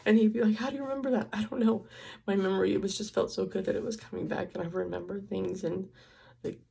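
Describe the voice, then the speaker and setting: Tearful older woman with a gravelly voice. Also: medium pitch, flat delivery, fast talker, mellow. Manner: emotional, tearful confiding. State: crying. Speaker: vlogger. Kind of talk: personal vlog.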